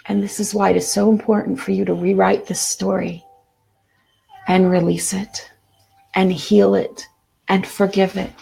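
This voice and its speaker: A middle-aged woman hosting a spiritual self-help talk, speaking earnestly and slowing down for repeated affirmations. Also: medium pitch, level tone, gravelly, warm tone, breathy edge. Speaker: self-help show host.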